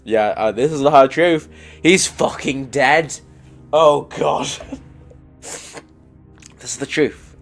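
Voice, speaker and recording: In a let's play, a man with nasal congestion reads the game's lines out loud, groaning and swearing in emotional reactions. His mid-range voice holds a steady tone and moves slowly with long pauses, over soft background music.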